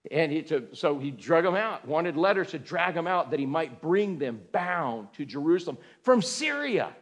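Man, middle-aged, pastor, sermon, high-pitched, folksy, animated, sudden shouts. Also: moderate pace. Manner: folksy, says man and dude.

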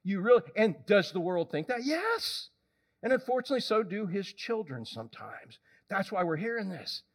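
A male preacher giving a lively, conversational sermon, often questioning the congregation. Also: sits high, moderate pace.

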